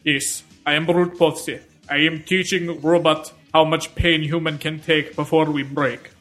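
A man's voice: sits high, soft background music, close to an everyday voice. A man doing a stilted robotic mad scientist. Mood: deadpan. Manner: flat, halting, robotic delivery with dropped articles.

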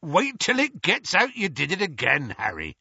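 A man voicing a big, gruff, rough-spoken half-giant man who growls his words. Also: high-pitched, wildly swooping pitch, moderate pace, bright, forceful tone, no echo, lo-fi sound, pitched above the performer's own voice, exaggerated voice.

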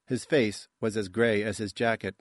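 A man giving scripted audiobook narration in a measured, even tone. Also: fairly low pitch, no echo, clean studio sound.

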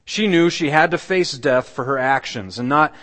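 A man preaching a sermon, retelling a scripture story dramatically and dropping his voice to a near hush. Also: on the high side, normal speed, in a large hall. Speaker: pastor. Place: church.

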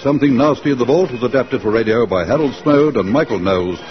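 Formal male announcer reading credits, mid pitch, over music. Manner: measured, formal. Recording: dull radio recording over music.

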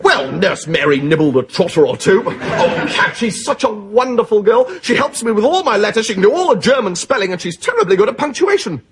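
An actor playing a cheerful, naive young lieutenant, gushing and eager, in a studio sitcom. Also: male voice, high voice, sing-song, brisk, hardly any pauses, crowd noise. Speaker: army lieutenant. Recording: hissy TV recording with noise. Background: studio audience laughter.

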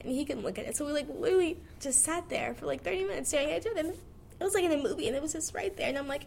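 A woman's voice: high-pitched, fast, creaky, a little mellow, slight background noise. A nineteen-year-old woman, talking frankly and chattily about her life, laughing as she goes. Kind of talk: candid personal monologue.

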